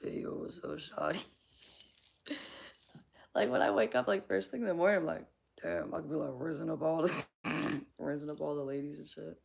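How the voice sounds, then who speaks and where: A young woman hosting a casual livestream, hoarse from losing her voice, rambling, swearing and laughing at her own jokes as she answers chat. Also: low-pitched, brisk, pauses often, a little mellow.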